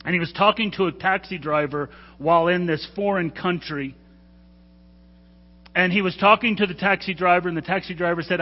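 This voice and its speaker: A man with a high-sitting voice preaches a sermon as a pastor at a moderate pace, earnest and urging, occasionally stumbling and correcting himself. The recording sounds dull, with long hall reverb.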